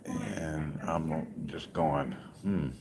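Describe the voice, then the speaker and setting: A man's voice: a bass voice, fairly even intonation, takes it slowly, background noise. A man in a hospital room giving a casual, rambling update, telling stories with many asides. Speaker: vlogger.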